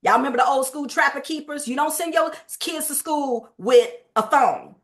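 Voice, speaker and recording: A woman giving a lively, emphatic sales training talk, with speech and a quick habitual pace. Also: high-pitched.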